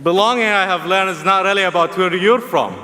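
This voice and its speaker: A man's voice: high voice, fairly quick, bright, forceful tone, slight background noise. A young man from Egypt with an Egyptian Arabic accent, giving a humorous, earnest commencement speech in a large arena. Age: young adult. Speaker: student commencement speaker. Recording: long arena reverb.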